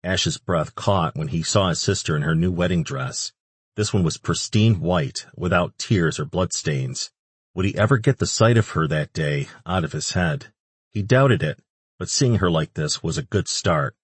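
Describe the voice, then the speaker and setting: A man narrating an audiobook in a measured, even reading. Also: deep voice, breathy edge, no room sound. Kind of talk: scripted narration.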